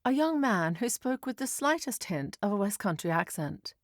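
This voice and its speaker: A woman's voice: mid-range voice, sing-song, normal speed, dry recording. A woman reading a first-person story in a dry, wry manner. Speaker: narrator. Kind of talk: first-person scripted narration.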